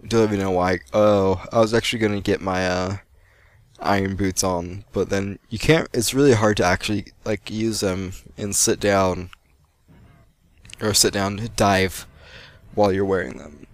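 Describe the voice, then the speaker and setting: A man's voice: low voice, fairly even intonation, normal speed, dry recording. A young American man giving rambling, chatty gameplay commentary and laughing often. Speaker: let's play gamer. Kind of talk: post-recorded gameplay commentary.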